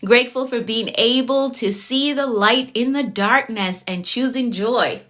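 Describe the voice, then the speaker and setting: A middle-aged woman life coach hosting a casual livestream, upbeat, greeting viewers by name and repeating phrases, her voice getting a little hoarse. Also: a little high, lively intonation, a little slow, fairly bright tone.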